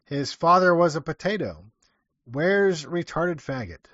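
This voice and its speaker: A man's voice: on the high side, animated, unhurried, fairly bright tone, no echo. A man hosting a livestream and casually reading out viewer messages, talking in an offhand, rambling way. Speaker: livestream host. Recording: dull lo-fi dry sound.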